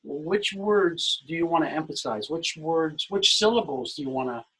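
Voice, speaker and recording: A man with a fairly high, husky voice talks through songwriting craft as a guest on a video call webinar. His explanations are loose and conversational, full of "you know" fillers. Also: lively intonation, moderate pace, fairly bright tone, poor audio. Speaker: musical director, guest expert.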